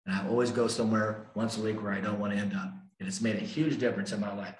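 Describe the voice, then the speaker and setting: A man's voice: on the low side, steady tone, quick pace. An older man speaking at a recovery meeting, telling his story emphatically and repeating key lines for effect. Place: meeting room. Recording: echoey room.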